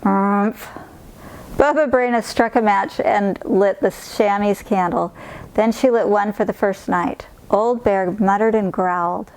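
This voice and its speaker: A woman narrating a children's picture book, calm and clear. Her voice sits at an ordinary middle pitch and the telling is steady and unhurried. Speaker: storybook reader. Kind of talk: reading a picture book aloud.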